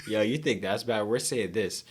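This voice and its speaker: A man from the United States co-hosting a podcast, joking in animated, profane casual chat. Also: lowish voice, normal speed, slightly rough. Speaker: podcast co-host.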